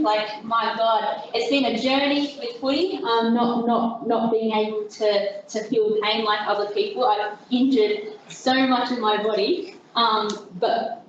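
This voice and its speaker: A woman's voice: on the high side, recorded from a distance, a little hiss or hum. Chatty woman in an echoey room. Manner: chatty, self-deprecating, many fillers and restarts. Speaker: guest speaker. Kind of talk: informal presentation to a group. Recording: very echoey, dull room recording.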